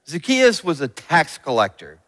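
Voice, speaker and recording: A man, a pastor, telling a bible story to children in an animated storyteller's way. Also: on the high side, normal speed. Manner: animated storyteller, acts out characters. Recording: long hall reverb, faint music.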